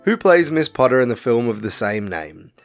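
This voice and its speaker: A man's voice: mid-range voice, big pitch swings, gravelly, faint music behind. A man co-hosting a casual podcast, reading quiz questions and answer options aloud with chatty asides. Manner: reads options slowly and deliberately, chatty asides. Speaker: podcast co-host and quizmaster.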